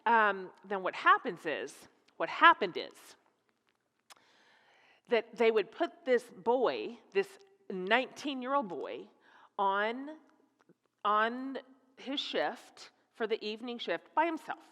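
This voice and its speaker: A middle-aged woman speaking as a guest speaker in a church, telling a humorous story in an animated, laughing, self-mocking way. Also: mid-range voice, slow, pauses often. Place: church sanctuary. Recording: echoey hall.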